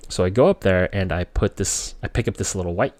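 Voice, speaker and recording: A man with a low voice, from the Philippines, tells a story from his own life in a casual, chatty way. The recording is dry and close, with no room sound. When he quotes himself as a child, his voice leaps up high. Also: a little fast, no echo. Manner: relaxed conversational, voice jumps high when quoting his child self.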